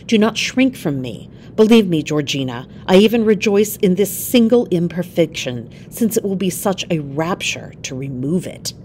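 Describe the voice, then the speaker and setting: A woman puts on a confident male scientist from a classic tale. He speaks with ardent command, in a low voice that swings up and down. The read is calm and assured. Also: moderate pace, hardly any pauses, slight background noise, natural voice.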